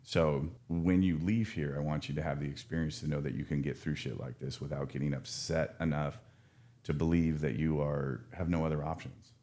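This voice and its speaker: Man, addiction counselor; deep voice, frank and earnest, lots of restarts. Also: steady tone, moderate pace, mellow. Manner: earnest, frank, with many restarts and casual swearing. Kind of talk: casual podcast conversation.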